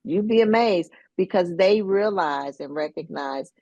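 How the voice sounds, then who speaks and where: Brief: measured woman guest, low and gravelly voice. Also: dark tone, dry recording, lo-fi sound. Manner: measured, reflective, gives many "mm-hmm"s. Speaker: panel guest. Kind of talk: casual panel talk.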